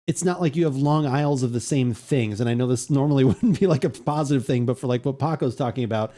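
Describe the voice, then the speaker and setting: A man's voice: medium pitch, fast talker. A man co-hosting a live podcast, chatting casually and telling rambling stories full of fillers and restarts. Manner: rambling, many fillers and restarts, animated storytelling. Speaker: podcast co-host. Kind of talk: casual chat.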